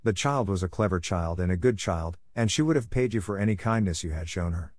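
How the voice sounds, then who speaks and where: A man's voice: deep voice, expressive, a little fast, darkish tone, no echo, studio quality. A man reading aloud, voicing a timid spinster schoolmistress who breaks into hysterics, in a raised, pleading voice.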